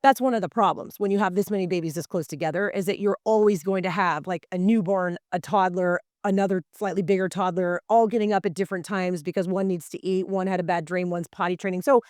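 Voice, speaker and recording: A woman's voice: on the low side, fairly even intonation, fast, hardly any pauses, a little mellow, no room sound, clean studio sound. A woman co-hosting a health podcast in a casual, earnest way, speaking straight to her listeners. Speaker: podcast co-host.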